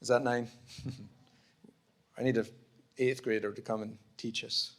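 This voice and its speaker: In a mid-range voice with a level tone, a man from Scotland takes his sermon slowly in a church auditorium. The pastor keeps it conversational, acting out small exchanges and joking at his own expense.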